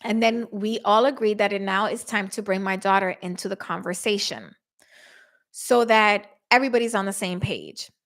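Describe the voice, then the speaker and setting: Middle-aged woman podcast host, lively, acts out every quote. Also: mid-range voice, normal speed. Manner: animated, acts out quotes with voice shifts. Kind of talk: casual storytelling to listeners.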